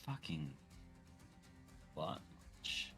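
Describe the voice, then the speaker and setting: A man's voice: very slow, pushed and bright, faint music behind. A man playing a tabletop game, muttering to himself and swearing under his breath. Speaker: player.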